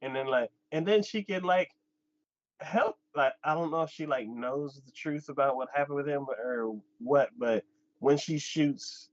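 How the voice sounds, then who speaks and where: A man's voice: unhurried, no echo. A man hosting a casual anime chat, retelling an episode and acting out the characters' lines. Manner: animated retelling, acts out characters' lines with pitch jumps. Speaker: anime podcast host. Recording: dull lo-fi dry sound.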